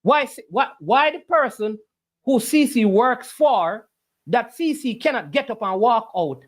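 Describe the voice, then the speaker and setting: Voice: mid-range voice, expressive, a little slow. A livestream host, arguing back at the chat with preachy rhetorical questions. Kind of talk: casual argumentative livestream talk.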